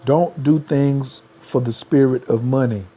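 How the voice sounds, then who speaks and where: Mellow-voiced man preaching slogans on a livestream. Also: medium pitch, a little slow, slightly rough. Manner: preachy, repeats slogans, urges viewers to type. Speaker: spiritual life coach. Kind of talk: livestream motivational talk.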